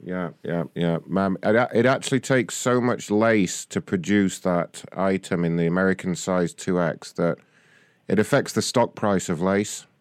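Deadpan man with a smooth, low voice. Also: a little slow, no room sound, studio quality. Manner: deadpan, mock-official. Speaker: radio prank-call host. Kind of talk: prank phone call.

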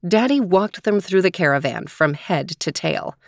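A woman host narrating a children's story in a gentle, expressive voice. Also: fairly low pitch, normal speed, creaky, no room sound, studio quality.

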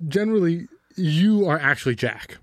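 A man co-hosting a relaxed movie-talk podcast, his voice sitting a little higher than most. He rambles through his thoughts, swears casually and laughs easily. The sound is dry and close, with no room around it. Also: normal speed, no echo. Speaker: podcast co-host. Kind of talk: casual film discussion podcast.

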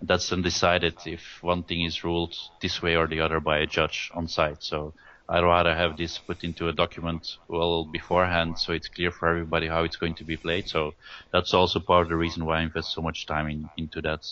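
Man, very low voice, monotone, hesitant with fillers, dull lo-fi recording. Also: fairly quick. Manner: hesitant, many restarts and fillers. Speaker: guest, tournament rules writer. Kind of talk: casual interview over a call. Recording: dull lo-fi audio.

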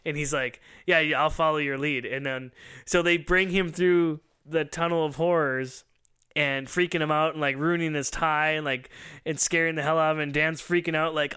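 A podcast host runs a pop culture show, casually rambling through a long story, acting out the lines he quotes, and laughing often. His voice is a little high, steady, pushed, bright, and clean, at a moderate pace.

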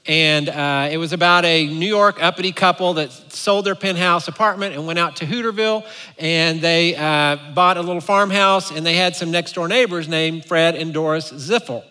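Bright-voiced playful pastor preaching. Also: male voice, on the high side, moderate pace, clear, resonant tone, in a large hall. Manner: playful, animated storyteller. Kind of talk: sermon with humorous storytelling.

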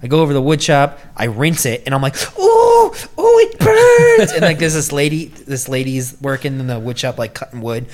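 A man's voice: medium pitch, fairly even intonation, quick pace, hardly any pauses. Young man, casual storyteller, profane, acts out quotes with raised voice.

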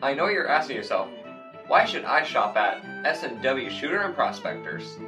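A man reading an upbeat sales pitch in a comic radio ad. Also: sing-song, moderate pace. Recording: distant voice with guitar music.

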